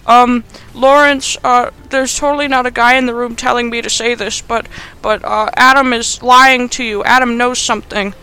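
A man voicing a nervous adult woman on the phone who speaks haltingly, as if reading from a script. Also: very high voice, flat delivery, sharp tone, clear, resonant tone, voice pushed up, full character voice, rough recording.

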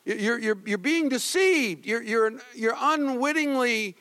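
A man's voice: a little high, very animated, unhurried, long reverb tail. A male preacher voicing Job as a kind but firm husband correcting his wife.

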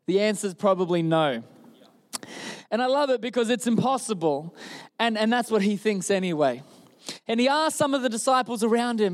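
Aussie pastor guy preaching, really high voice, jokey and animated storytelling. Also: moderate pace. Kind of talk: sermon. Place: church service.

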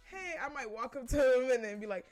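A woman's voice: on the high side, fast, darkish tone, soft background music. A woman hosting a podcast, giving her opinions in a blunt, profane, casual monologue and laughing often. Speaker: podcast host.

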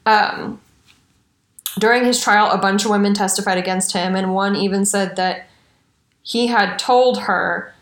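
Woman telling a story, profane and animated. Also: mid-range voice, unhurried. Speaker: podcast co-host. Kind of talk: casual true-crime podcast chat. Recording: roomy echo.

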